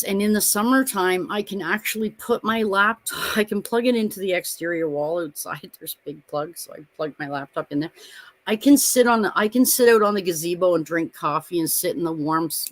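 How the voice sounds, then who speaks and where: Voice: medium pitch, moderate pace, no echo. A middle-aged parent co-hosting a live watch-party stream, telling long, profane, rambling stories in casual chat and laughing often.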